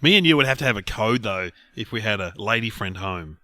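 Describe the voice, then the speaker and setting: A man's voice: lowish voice, expressive, bright, forceful tone, no room sound. A man co-hosting a comedy chat podcast, bantering and riffing on ideas. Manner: quick banter, riffs on ideas. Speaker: podcast co-host.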